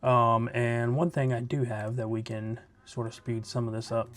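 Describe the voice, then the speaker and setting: A relaxed man talks through his gameplay in an easy, chatty way, as if keeping a friend company. His voice sits at an average pitch, and he muses aloud between tasks. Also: moderate pace. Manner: laid-back, chatty, thinking aloud. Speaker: Minecraft let's play host. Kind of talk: casual gameplay commentary.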